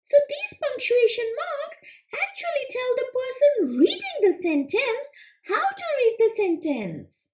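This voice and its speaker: A woman voicing a curious, eager young frog pupil who talks in an excited, squeaky way. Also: measured pace, heavily acted. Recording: echoey room.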